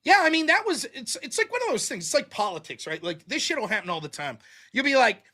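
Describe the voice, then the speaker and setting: A man's voice: extremely high pitch, very animated, quick pace, pushed and bright. A man, a guest on a stream, chatting casually and animatedly, acting out what others said in raised voices. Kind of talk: casual chat.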